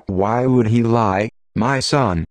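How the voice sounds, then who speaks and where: A man's voice: medium pitch, slow, dry recording, close to an everyday voice. A man voicing a frail, ailing queen who speaks weakly and faintly, in an audiobook. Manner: weak, faint. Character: frail ailing middle-aged queen, weak and weary.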